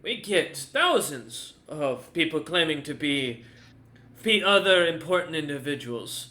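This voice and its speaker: A man putting on a gruff, jeering old dwarf guard. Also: fairly high pitch. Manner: scornful, loud and jeering.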